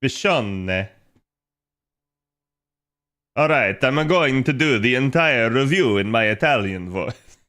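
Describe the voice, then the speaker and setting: A man's voice: medium pitch, expressive, moderate pace, fairly bright tone. A man chatting casually on a livestream, rambling with lots of fillers and frequent laughter. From United States. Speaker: streamer.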